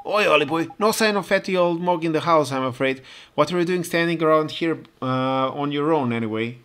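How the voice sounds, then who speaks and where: A man voicing a pushy, cheeky male fairy companion who talks in rough, slangy bursts, for a game. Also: fairly high pitch, fairly quick, fairly bright tone, a little hiss or hum, voice pushed up, natural voice. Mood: brash. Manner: brash, scolding, rough slangy talk.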